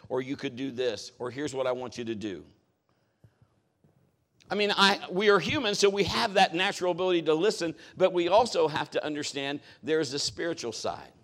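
A man's voice: on the high side, a bit bright. A middle-aged man preaching a sermon as a pastor, talking in a conversational, folksy way with joking asides.

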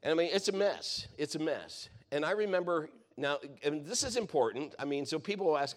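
A man's voice: a little high, expressive, normal speed. A man preaching, telling a personal story in a rambling, conversational way, often correcting himself. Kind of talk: sermon testimony storytelling.

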